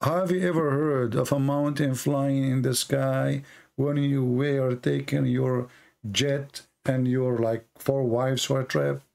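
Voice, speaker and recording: A man's voice: mid-range voice, flat delivery, takes it slowly, creaky, a little mellow. A man hosting a confrontational debate in non-native English, pressing the same question over and over with sarcasm. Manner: pushy, sarcastic, repeats questions. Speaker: debate host.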